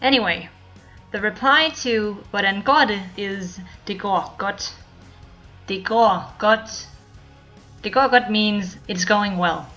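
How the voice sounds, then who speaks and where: A woman from Denmark teaching a language lesson, repeating each phrase slowly and clearly for learners. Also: mid-range voice, bright, forceful tone, muffled recording, faint music behind. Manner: clear, slow model pronunciation with repeated phrases.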